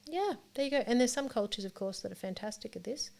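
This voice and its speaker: An Australian woman, a therapist and author, explaining her work in a relaxed interview chat, often laughing. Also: fairly high pitch, quick pace, gravelly.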